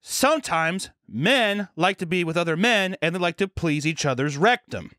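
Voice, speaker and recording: A man's voice: high-pitched, expressive, moderate pace, sharp tone, no echo, studio quality, pitched above the performer's own voice. A man putting on a blunt female health teacher. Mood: ranting, blunt. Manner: frank, ranting lecture.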